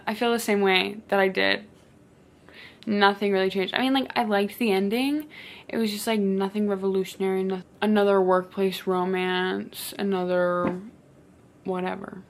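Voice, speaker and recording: A young woman chatting casually as a book vlogger, animated and dramatic, with lots of filler "like"s. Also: medium pitch. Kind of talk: casual chat.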